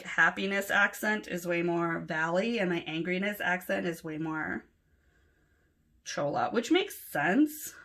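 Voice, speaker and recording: A woman from Los Angeles with a Los Angeles accent, chatting casually and rambling a little while she fills in her planner. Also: fairly low pitch. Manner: chatty, rambling, soft-spoken with filler words. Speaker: planner vlogger. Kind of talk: casual plan-with-me chat.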